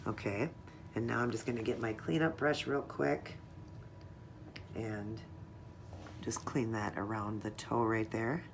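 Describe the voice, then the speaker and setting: Speaking at an extremely low pitch, this woman keeps a steady tone and measured pace, her voice creaky and often pausing. She narrates a casual nail art tutorial, chatting to viewers as she works, with a little hiss or hum in the recording.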